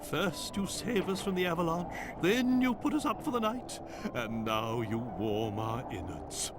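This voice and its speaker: A man's voice: on the high side, unhurried, lightly acted. A man voicing a pompous, cranky old monster king in a game playthrough. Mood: gracious. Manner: indignant, haughty. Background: game music.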